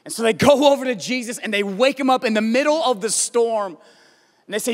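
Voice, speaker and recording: A man's voice: high voice, a little fast, big-room sound. An American man preaching a sermon as pastor, telling a story and building to impassioned pleas. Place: church auditorium.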